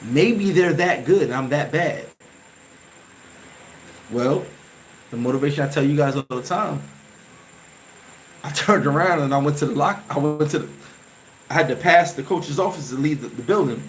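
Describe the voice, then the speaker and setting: A man hosting a vlog, telling an emotional story from his playing days in a casual, animated way, full of restarts and sound effects. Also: on the high side, moderate pace, long pauses, a little hiss or hum, poor audio. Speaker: vlog host.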